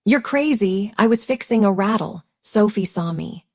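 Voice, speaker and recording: A woman's voice: medium pitch, animated, normal speed, darkish tone. A woman voicing a desperate, scheming husband who talks in a frantic, pleading way. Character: desperate scheming husband, man in his thirties.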